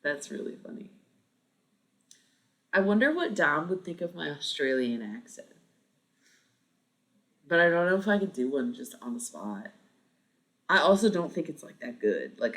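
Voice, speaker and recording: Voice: medium pitch, pushed and bright. A livestream host in their thirties, chatting casually with viewers, rambling, swearing freely and laughing often.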